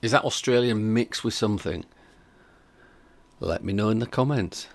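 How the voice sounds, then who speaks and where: A man's voice: fairly low pitch, normal speed. A man hosting a reaction stream, chatting casually and skeptically while reading out viewer comments. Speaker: reaction video host.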